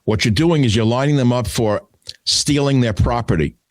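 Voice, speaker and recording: A man's voice: medium pitch, moderate pace, no room sound. An older man hosting a talk radio show, delivering a combative, scornful solo monologue. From United States.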